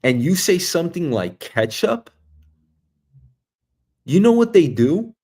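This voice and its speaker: A man from Queens, hosting a show and telling a meandering comic story, swinging between loud bursts and quiet asides. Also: fairly high pitch, big pitch swings, takes it slowly, husky. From Queens, New York, US. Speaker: show host. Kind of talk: rambling comic monologue. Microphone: streaming mic.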